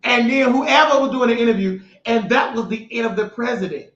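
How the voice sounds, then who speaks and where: A man's voice: very high voice, brisk, fairly bright tone. A young man hosting his own show, giving emphatic, mocking, slangy political commentary. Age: young adult. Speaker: show host. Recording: roomy, dull lo-fi sound.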